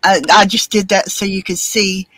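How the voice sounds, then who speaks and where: A woman's voice: mid-range voice, flat delivery, moderate pace, a bit bright, breathy edge, no echo, low-quality recording. A woman with a Southern US accent chatting casually on a live stream, rambling with many ums and restarts. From Alabama, US.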